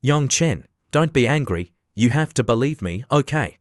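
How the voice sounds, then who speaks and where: A man's voice: mid-range voice, expressive, moderate pace, no room sound, close to an everyday voice. A man voicing a young female flight attendant who is devoted to her boyfriend, in a dry, plain recap reading. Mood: earnest. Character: young woman, loyal flight attendant girlfriend.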